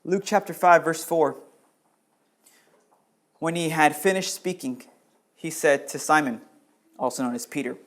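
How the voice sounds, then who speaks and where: A man preaching to his congregation, his voice sitting a little high for a man. He swings between loud, urgent questions and low, quiet stretches. He calls out to listeners by name as he goes. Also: a little slow, pauses often. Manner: addresses congregation members by name. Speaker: pastor. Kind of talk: sermon.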